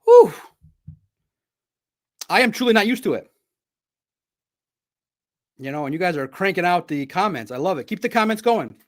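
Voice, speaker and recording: Excitable high-voiced man hosting a live sports stream. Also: moderate pace, long pauses. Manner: excitable, rambling, chatty.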